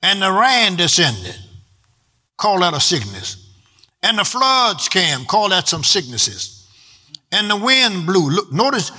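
This man's high, sharp voice is very animated but slow, broken by long pauses as he preaches. He delivers his sermon in a rhythmic cadence that edges into half-singing, stretching key words to drive them home.

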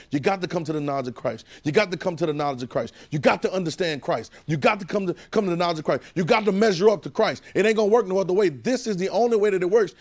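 A man preaching a sermon in call-and-response style, repeating phrases and swinging between loud and hushed delivery. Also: high voice.

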